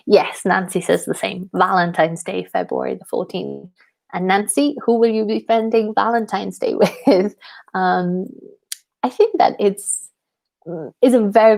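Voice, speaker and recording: A woman's voice: mid-range voice, gravelly, darkish tone. A young Welsh woman, an English teacher, chatting casually with her viewers in a live question-and-answer session, with frequent ums and light laughter. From Wales. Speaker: English teacher and channel host.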